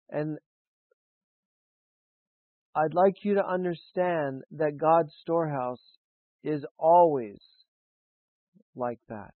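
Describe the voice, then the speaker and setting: A man delivers a sermon in a slow, deliberate cadence, leaving long pauses between phrases. His voice sits a little higher than most men's. The sound is dry and narrow, like a phone line. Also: no echo. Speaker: preacher. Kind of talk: sermon with spoken affirmations.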